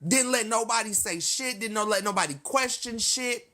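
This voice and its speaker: A woman's voice: a little high, moderate pace, pushed and bright. A woman hosting a casual livestream, ranting heatedly and profanely straight at her viewers, breaking off to laugh and apologize. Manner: laughs often, apologetic asides. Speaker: livestream host.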